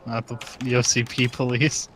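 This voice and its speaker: A man's voice: mid-range voice, level tone, normal speed, a bit bright, slight background noise. A man chatting casually while playing a game with a friend, laid-back and chuckling. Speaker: co-player. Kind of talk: casual gaming chat. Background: game music, keyboard typing.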